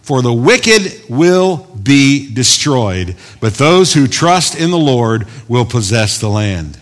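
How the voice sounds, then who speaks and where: A man preaching a sermon as pastor, swinging from loud emphatic bursts to quiet asides. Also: medium pitch, sing-song, takes it slowly. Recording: long hall reverb.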